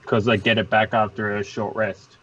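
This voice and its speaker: A man's voice: fairly low pitch, flat delivery, normal speed, dull audio. A man playing a tabletop game, joking and bantering as he talks through his turn. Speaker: player. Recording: loud background noise.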